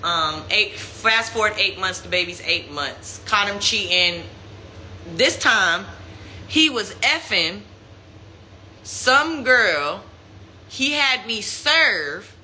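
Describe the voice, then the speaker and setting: A young woman tells a personal story in casual live-stream talk, acting out quotes in a mocking high voice. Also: expressive, takes it slowly, sharp tone, a little hiss or hum. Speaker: Instagram live host. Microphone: phone.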